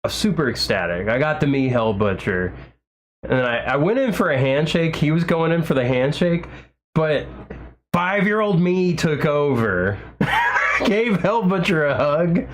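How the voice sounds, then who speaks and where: A man's voice: a little high, expressive, moderate pace, a little hiss or hum. A man chatting casually on a livestream, rambling with lots of fillers and restarts and gushing with enthusiasm. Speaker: livestream host.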